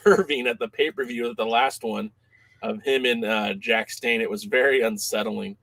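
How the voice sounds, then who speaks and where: A man co-hosting a wrestling podcast in casual chat, animated and quick to laugh, reading out listener comments. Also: mid-range voice, vocal fry, dry recording. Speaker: podcast co-host.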